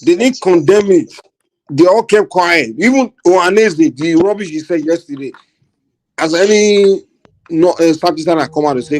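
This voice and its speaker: A fairly high-voiced man with a Nigerian Yoruba accent hosts a heated political talk. He speaks bluntly and with open indignation, moving between Yoruba and English. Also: animated, normal speed, a little mellow. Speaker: host.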